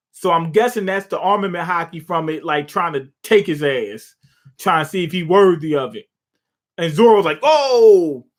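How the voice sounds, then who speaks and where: A young man casually reacting to a comic chapter live, retelling scenes with swearing, jokes and laughter. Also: high voice. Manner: loose, profane, jokey retelling with laughs. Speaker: manga reaction streamer.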